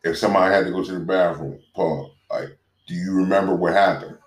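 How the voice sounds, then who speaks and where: Very deep-voiced man in casual chat. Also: steady tone. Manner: halting, filler-heavy, earnest. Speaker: conversation partner. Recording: echoey room.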